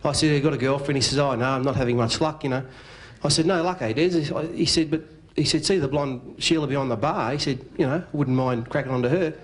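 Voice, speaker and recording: Australian man telling a comic yarn. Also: medium pitch. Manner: yarn-spinning, quick punchlines, does the other man's lines. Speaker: after-dinner speaker. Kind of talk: comic storytelling. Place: club function room.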